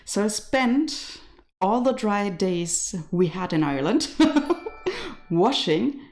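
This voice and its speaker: A woman with a German accent hosts a relaxed knitting live stream from her home. She speaks at an unhurried, leisurely pace and chats warmly with viewers, laughing often between thoughts. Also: medium pitch, soft background music. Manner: chatty, laughs often, reads viewer comments aloud. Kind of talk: casual live stream chat. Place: home in rural west Ireland.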